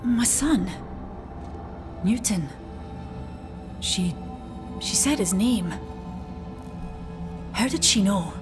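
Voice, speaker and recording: A woman's voice: mid-range voice, animated, drawn-out words, long pauses, over music, voice pushed down. An actress playing a confused, fading old woman who rambles and dotes. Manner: rambling, unsure, doting.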